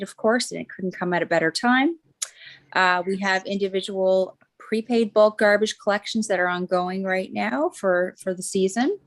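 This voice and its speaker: A woman serving as deputy mayor, giving a committee report at a council meeting in a halting way, with frequent fillers and restarts. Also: mid-range voice. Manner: hesitant, many fillers and restarts. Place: council chamber.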